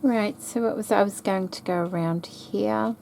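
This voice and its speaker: A woman chatting softly and thinking aloud as she stitches a craft project, with the hiccups. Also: mid-range voice, creaky, slight background noise. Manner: slow, soft-spoken, thinking aloud while sewing. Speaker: craft vlogger. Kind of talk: casual stitching chat.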